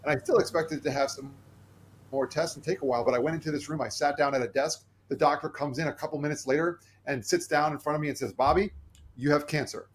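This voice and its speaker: A man who is a podcast guest, telling a personal story in an earnest, animated way and acting out the voices he quotes. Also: fairly high pitch, fast.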